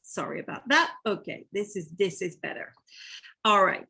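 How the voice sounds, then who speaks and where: A woman's voice: medium pitch, animated, moderate pace, vocal fry, bright, forceful tone, breathy edge. A woman with a French accent hosting a live webinar, chatting with attendees and reading their names from the chat. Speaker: webinar host.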